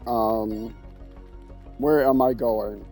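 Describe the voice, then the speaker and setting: Streamer, male, Minnesota accent: gravelly, mellow play-by-play of his own game. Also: lowish voice, steady tone, extremely slow, soft background music. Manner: talks to himself while playing, joking asides. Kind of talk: casual gameplay commentary.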